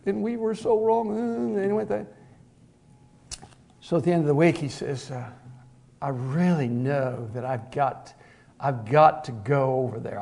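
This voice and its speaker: A man's voice: medium pitch, noisy background. A middle-aged male preacher telling a long story in a sermon, folksy and conversational, with many fillers and repeated "he said".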